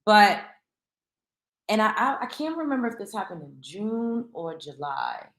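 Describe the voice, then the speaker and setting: A woman chats with her livestream viewers. Her voice is bright and lively. The room around her has a noticeable echo. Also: medium pitch, a little slow. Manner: chatty, greets viewers by name. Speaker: livestream host. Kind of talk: casual livestream chat.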